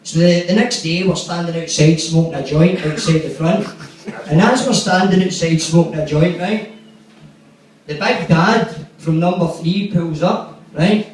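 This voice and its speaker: A man's voice: on the high side, darkish tone. A young man doing stand-up, telling a rambling, sweary story and acting out the quotes. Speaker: stand-up comedian. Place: comedy club stage. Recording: echoey room from far off.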